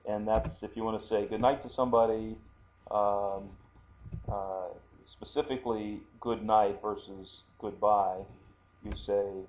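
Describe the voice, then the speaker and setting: A man teaching a language lesson, talking slowly and haltingly with many fillers and repeating words for pronunciation. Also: fairly low pitch, steady tone, dull audio, slight background noise. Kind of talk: screen-recorded language lesson.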